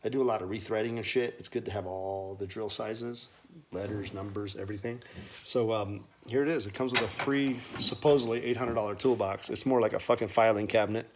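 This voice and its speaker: A man's voice: lowish voice, steady tone, a little fast. Cussing mechanic guy rambling thru his shop, goes off on rants, bro talk. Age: adult with children. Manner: profane, ranting, casual bro talk. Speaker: auto mechanic and shop owner. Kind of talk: unscripted workshop tour. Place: his repair shop workshop.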